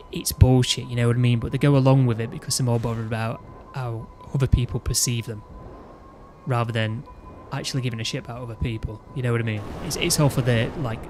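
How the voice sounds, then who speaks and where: A gaming video host with a mid-range voice chats casually and rants in a rambling way, often restarting sentences and saying "you know what I mean." Background noise is audible.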